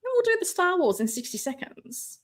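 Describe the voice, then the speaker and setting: A woman hosting a live stream from home, chatting casually, excitable and sarcastic, sometimes shouting. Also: sits high, a little fast. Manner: excitable, sarcastic, loud at times. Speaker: livestream host. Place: home room with ring light. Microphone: no mic close by, computer setup.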